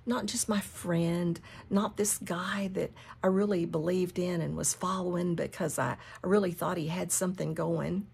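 Bible study teacher, a woman with a low, husky voice who whispers key lines. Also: fairly even intonation. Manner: drops to a hushed whisper for emphasis; repeats key phrases slowly. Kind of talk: scripture reading and teaching.

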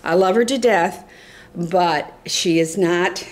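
A woman's voice: fairly low pitch, takes it slowly. An older woman chatting casually to the camera, rambling and doting, often dropping to a whisper. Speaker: reborn doll collector vlogger.

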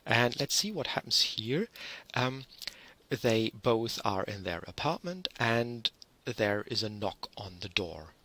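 A man giving an online university lecture, explaining in a measured way with frequent ums and restarts. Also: on the low side, very animated, bright, forceful tone, slight background noise, rough recording.

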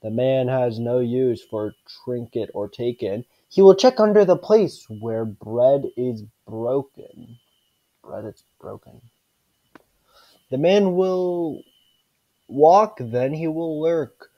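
A man reading a creepy rhyming storybook aloud, slowly and stumbling over words. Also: medium pitch, dry recording, highs cut off, lightly acted. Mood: eerie. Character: spooky storybook narrator.

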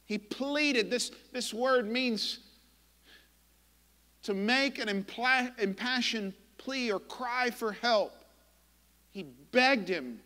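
A man preaching a sermon as pastor, impassioned and emphatic, with dramatic pauses. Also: high-pitched, animated, pushed and bright, long reverb tail. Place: church sanctuary.

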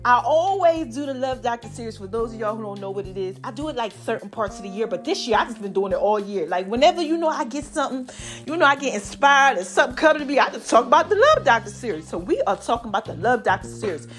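A woman hosting her own podcast, talking in an animated, drawn-out style full of "baby" and "y'all", her voice a little strained from allergies. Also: fairly high pitch, soft background music. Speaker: podcast host. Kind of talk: solo podcast talk.

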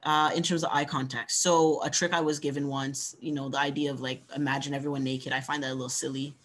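A man giving a conversational workshop talk on pitching, coaching and encouraging, often ending points with "right?". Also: little pitch movement, fast talker, a bit bright. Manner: conversational, frequent "right?" tag questions. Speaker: workshop presenter.

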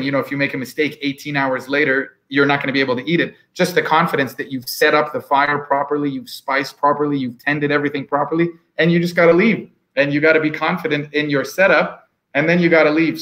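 A man speaking as a pitmaster guest in a casual panel discussion, telling stories in an animated, chatty way. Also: fairly high pitch, fast talker. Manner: animated storyteller, warm and chatty.

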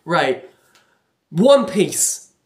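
A man with a fairly high voice rants to the camera, exasperated and complaining. He rambles, circles back and repeats himself, taking his time over the words. The sound bounces around an echoey room. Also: big pitch swings, extremely slow. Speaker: vlogger. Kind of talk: casual rant to camera.

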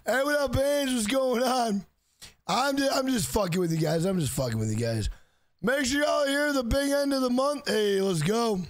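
A man streaming a game live, loud and profane, joking around, greeting viewers by name and breaking into shouted rhyming bits. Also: very high-pitched, expressive, moderate pace, no room sound.

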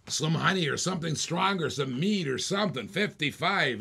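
A man's voice: a little high, animated, measured pace, creaky, long pauses, bright, forceful tone, breathy edge. A man hosting a live online auction, calling bids in playful, repetitive patter with jokes. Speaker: auctioneer and host.

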